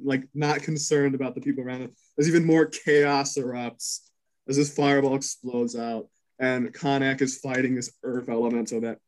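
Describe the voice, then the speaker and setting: A man's voice: medium pitch, a little mellow, rough recording. A man narrating chaos as game master of a tabletop game, cursing and filling gaps with ums. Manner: rapid, crude narration full of fillers.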